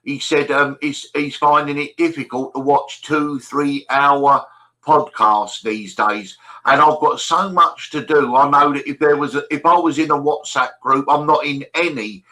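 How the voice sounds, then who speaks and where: A man's voice: fairly high pitch, steady tone, a little slow, sharp tone, low-quality recording. A man hosting a casual live stream chat, speaking hesitantly with fillers and restarts.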